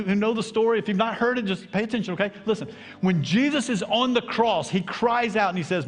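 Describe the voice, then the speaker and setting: Middle-aged Southern preacher, man, higher-pitched voice, impassioned sermon with hushed dips, echoing sanctuary. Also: fairly quick. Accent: Southern American. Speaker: pastor. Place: church sanctuary. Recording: long hall reverb, faint music.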